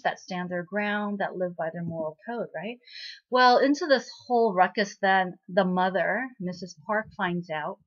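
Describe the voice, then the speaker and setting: A woman hosting a casual spoken recap of a drama episode, chatty and full of fillers and asides. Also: mid-range voice. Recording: slightly muffled lo-fi recording.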